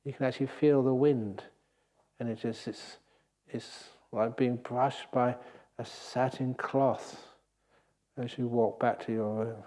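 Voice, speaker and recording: An older man giving a gentle, unhurried meditation talk with playful asides, as a meditation teacher on retreat. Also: medium pitch, fairly even intonation. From England. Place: meditation hall at a retreat centre.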